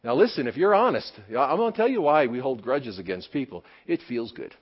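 Husky, animated male pastor preaching. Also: mid-range voice, brisk, highs cut off. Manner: animated, conversational preaching with rhetorical questions. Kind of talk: sermon. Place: church service.

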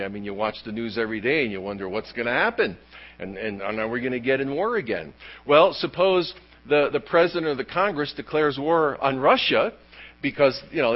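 A man's voice: mid-range voice, highs cut off. A man preaching a sermon, emphatic and full of rhetorical questions. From United States. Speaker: pastor.

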